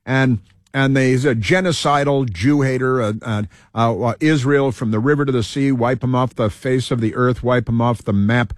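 A man's voice: mid-range voice, steady tone, no echo, clean studio sound. Rambling heated male talk host. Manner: halting, many fillers and restarts, heated. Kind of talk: rambling political monologue.

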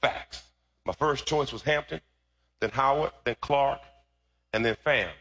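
A male pastor preaching a sermon, moving from relaxed storytelling to loud, fervent, shouted preaching. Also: mid-range voice, a little slow, husky.

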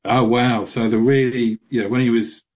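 A man answering callers as a radio guest, chatty, with lots of restarts and quick laughs. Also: medium pitch, flat delivery, darkish tone. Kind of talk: radio interview.

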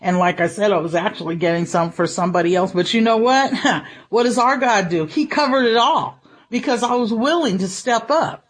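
A woman's voice: mid-range voice, normal speed, slightly rough. A woman giving a conversational devotional sermon, chuckling as she tells a personal story and acts out her own thoughts. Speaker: preacher.

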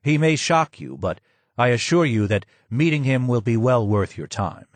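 A man's voice: medium pitch, big pitch swings, normal speed, dry recording. Polite, formal male guide, dry close recording, read by the narrator. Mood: courteous. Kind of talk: audiobook character voice.

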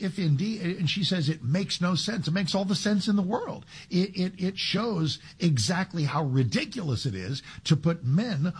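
A man's voice: on the high side, husky. A man filling in as a talk radio host, delivering an emphatic, sarcastic monologue with frequent restarts. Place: radio studio. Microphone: studio microphone.

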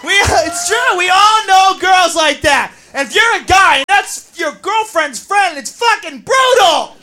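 Brash profane stand-up comic, high and loud. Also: female voice, expressive, a little slow. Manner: brash, profane, yelling punchlines, acting out drunk girls. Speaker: stand-up comedian. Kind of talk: stand-up comedy routine. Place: comedy club stage. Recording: live club with crowd noise and laughter.

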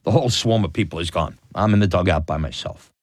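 Deep-voiced man telling a personal story. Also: fast talker, dry recording, clean studio sound. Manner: animated, laughing, acts out quoted voices. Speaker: storyteller guest. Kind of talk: personal story told in an interview.

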